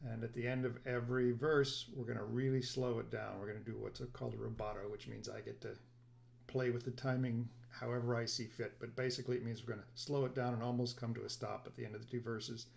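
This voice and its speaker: A man hosting a ukulele play-along, explaining each song in a soft, casual way with quick bursts and fillers. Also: medium pitch, level tone, creaky. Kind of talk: casual instruction between songs.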